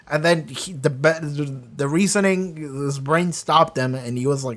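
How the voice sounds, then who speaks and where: Excitable, swearing show reviewer. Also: medium pitch, moderate pace, few pauses. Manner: rambling and excitable, with heavy swearing. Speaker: video reaction reviewer. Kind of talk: casual spoken review.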